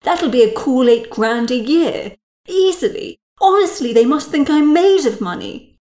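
A woman's voice: high voice, expressive, a little slow, a little mellow, pitched above the performer's own voice. A woman voicing a self-pitying, snobbish middle-aged mother who grumbles in a plaintive voice. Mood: complaining.

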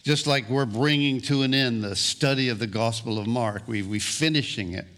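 A man preaching a sermon as pastor, deliberate and prone to repeating words as he restarts phrases. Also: medium pitch, a bit bright.

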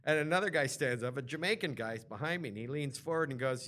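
A man's voice: medium pitch, quick pace, hardly any pauses, slight background noise. A man in his forties co-hosting a podcast, telling a story in casual chat and acting out the voices of people in it. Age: 40s. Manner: animated, acts out quoted voices. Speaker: podcast co-host.

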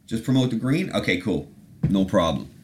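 A man voicing a careless office worker who signs things off, in a squeaky, rushed, blasé voice. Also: sing-song, a little hiss or hum.

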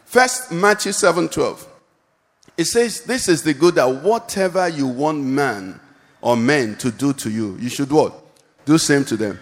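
A man's voice: on the high side, animated, a little slow, in a large hall. A male pastor preaching a sermon and calling out questions for the congregation to answer. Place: church hall.

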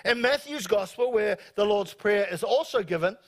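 A man with a New Zealand accent delivers a sermon to his congregation. His voice sits high, and he talks in an animated, joking way, slipping into quoted voices to make his points. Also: normal speed. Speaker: pastor. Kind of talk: live sermon. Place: church service before a congregation.

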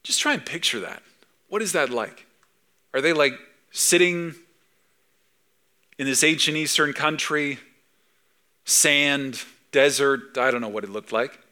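Man, pastor, sermon, bright forceful tone, slightly high voice, conversational, rhetorical questions. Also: measured pace, pauses often.

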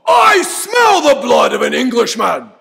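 A man's voice: wildly swooping pitch, a little slow, creaky, exaggerated voice. A man bellowing as a fearsome giant. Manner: shouted chant, booming. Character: huge fearsome male giant, bellowing threats. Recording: long hall reverb.

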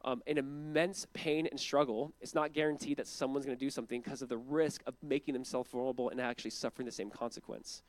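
A young man preaching a casual, conversational sermon, earnest and quick to act out quotes in lively voices. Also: mid-range voice, dry recording. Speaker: pastor.

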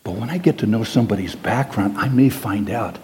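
A man preaching a sermon as pastor, conversational and animated, asking his listeners questions and dropping to hushed asides. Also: lowish voice, a little fast, a little hiss or hum. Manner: animated, swings between loud and hushed; conversational, asks the congregation questions.

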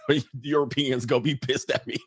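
A man hosting a casual livestream, riffing in loose slang and breaking into laughter again and again. His voice sits at an ordinary middle pitch, and the sound is dry and close with no room echo. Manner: reads out viewer comments. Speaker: livestream host addressed as Coach. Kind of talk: casual comedic rant.

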